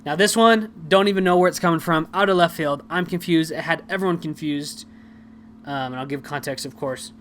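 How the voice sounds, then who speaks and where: A man's voice: a little high, fairly quick, a bit bright, slight background noise. A young man hosting a podcast, talking through political news in a casual, chatty, self-deprecating way with lots of fillers. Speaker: podcast host.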